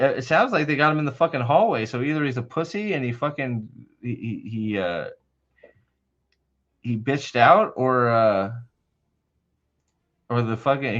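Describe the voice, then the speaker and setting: A man's voice: mid-range voice, a bit bright, muffled recording. A man hosting a livestream in casual chat, rambling and swearing heavily, often restarting his sentences. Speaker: livestream host.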